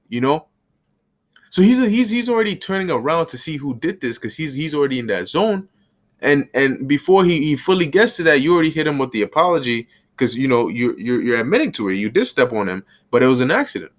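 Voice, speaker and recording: A man gives a relaxed, conversational Bible lesson, weaving scripture into everyday street talk. He slips into quick mini-scenes with short bursts of other voices, and his own pitch sits right in the middle. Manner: casual street slang, acts out little scenes with quick voices. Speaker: bible teacher.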